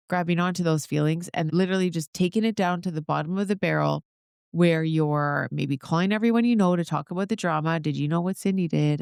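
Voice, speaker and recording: A woman's voice: on the low side, creaky, a little mellow, smooth, no room sound, clean studio sound. A woman hosting her own podcast, talking straight to her listeners in an upbeat, encouraging way. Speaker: podcast host. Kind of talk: solo motivational podcast talk.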